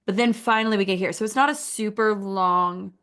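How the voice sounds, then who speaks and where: A woman walking through a website critique in a relaxed, conversational way. She talks casually and encouragingly, filling her sentences with "like" as she thinks aloud. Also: mid-range voice, fairly quick, smooth. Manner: chatty, encouraging, uses "like" a lot. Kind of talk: casual screen-share critique.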